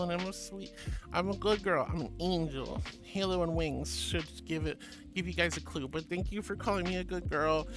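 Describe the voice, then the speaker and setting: A woman's voice: on the low side, big pitch swings, normal speed. A woman streamer chatting casually on a livestream, bubbly and giggly, reading chat messages aloud. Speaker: VTuber streamer. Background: background music.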